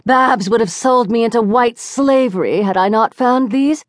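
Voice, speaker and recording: A woman's voice: a little high, moderate pace, no echo, studio quality, pitched above the performer's own voice, natural voice. A woman voicing Charlotte, a plucky tiny young woman who teases her friend. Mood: teasing.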